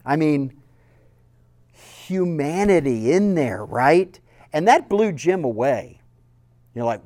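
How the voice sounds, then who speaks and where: A man with a Southern accent giving a sermon-style teaching talk, telling stories earnestly and swinging between loud emphasis and soft, quiet lines. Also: on the high side, big pitch swings, takes it slowly, pauses often. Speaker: speaker.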